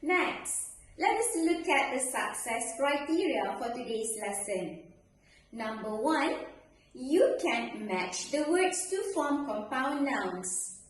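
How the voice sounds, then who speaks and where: A woman teacher with a high, sing-song voice walks pupils through a grammar lesson, slowly and clearly. She sounds distant from the mic in a very echoey room with faint background noise. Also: sing-song. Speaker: primary school English teacher.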